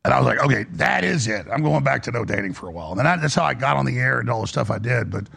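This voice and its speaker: A man hosting a radio talk show, delivering an impassioned, preachy monologue in a gravelly, husky voice that swings between high and low. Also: expressive, very fast, fairly bright tone.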